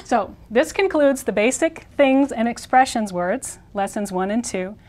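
Woman teaching slow, careful pronunciation. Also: on the high side, a little mellow. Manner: explains rules step by step. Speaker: Spanish teacher. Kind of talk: recorded language lesson.

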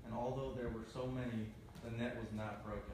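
A man in the congregation reads a scripture passage aloud at a plain, steady pace. He is far from the microphone, and his voice carries in a very echoey room. Clear background noise runs under his reading. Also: medium pitch, brisk.

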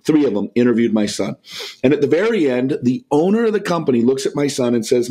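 A middle-aged man with a warm, mellow voice shares a story during a podcast interview. He is a lively storyteller who acts out the lines of the people in it. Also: mid-range voice, fast talker. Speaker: podcast guest.

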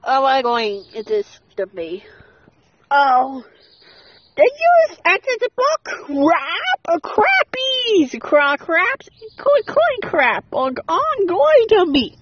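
Woman, high-pitched, very animated, exclamatory, swears, muffled recording. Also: slow. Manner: excitable, exclamatory, swears in bursts. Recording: dull lo-fi audio with faint music.

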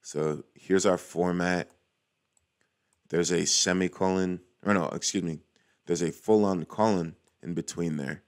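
A man's voice: deep voice, fairly even intonation, a little slow, smooth. A young man hosting a casual screen-recorded walkthrough, chatty and cheering small wins as he goes. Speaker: cybersecurity tutorial host.

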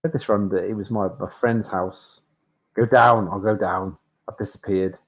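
A man's voice: lowish voice, steady tone, normal speed. A man streaming a retro game, narrating his play with flustered, self-mocking exclamations. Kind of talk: live gameplay commentary.

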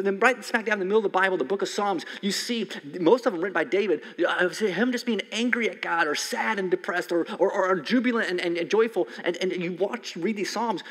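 A man in his forties preaching a conversational sermon as a pastor, swinging from loud emphasis to soft near-whispers. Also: high-pitched. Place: church sanctuary. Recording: long hall reverb from a church sanctuary.

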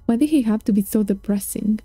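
A woman's voice: medium pitch, a little fast, dark tone, dry recording, soft background music, natural voice. A woman voicing a sulky male king who growls out sour complaints in a storybook reading.

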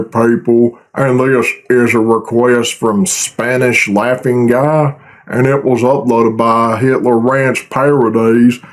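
A man hosting a reaction video, talking in a crude, profane and rambling way. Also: mid-range voice. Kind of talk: casual reaction commentary.

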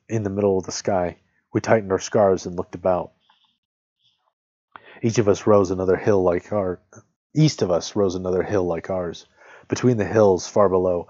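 A man reading a nonfiction essay aloud in a steady, measured way, now and then correcting a slip. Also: low voice, slightly rough, no room sound. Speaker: reader of literature. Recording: dull lo-fi, dry close sound.

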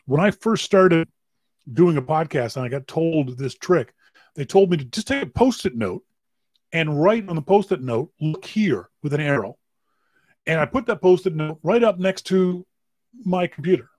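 A man hosting a podcast, giving casual advice on camera and stressing words with big jumps in pitch and loudness. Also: breathy edge, no room sound. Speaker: podcast host.

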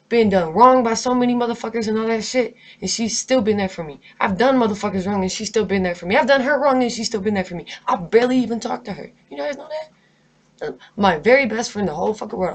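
A woman's voice: fairly high pitch, quick pace. A stressed, angry woman vlogger in an unscripted, profanity-heavy rant delivered straight to camera. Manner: profane, emphatic, heated.

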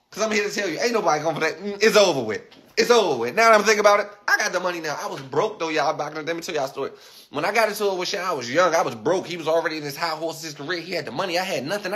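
A man talking casually to his livestream viewers, animated and rambling, repeating himself often. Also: a little high.

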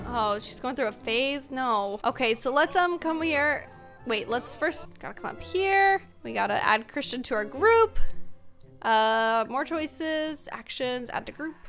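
A bubbly young woman with a high, light voice chats her way through a life-sim game. She talks straight to her viewers in a casual, lively way, and soft music plays quietly behind her. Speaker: gaming YouTuber. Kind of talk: casual let's play commentary.

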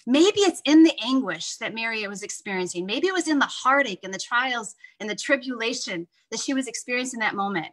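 Woman, Bible study leader, bright and slightly high, earnest conversational devotional teaching. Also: expressive, fairly quick, few pauses, rough recording.

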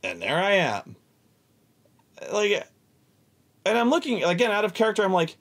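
A man telling a casual, profane story about a tabletop game, animated and exasperated, often repeating himself. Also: sits high, normal speed.

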